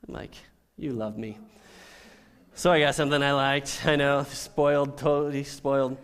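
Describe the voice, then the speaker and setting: A middle-aged man preaching a sermon as a pastor, telling stories with animation and swinging from soft to loud. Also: medium pitch, steady tone, normal speed, smooth.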